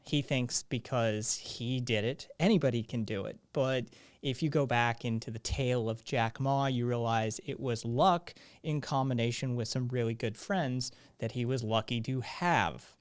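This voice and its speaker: A man hosting a live stream, his voice still hoarse, talking in a rambling, sardonic way and swearing freely. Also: mid-range voice, moderate pace. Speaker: live-stream show host. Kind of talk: casual live-stream commentary.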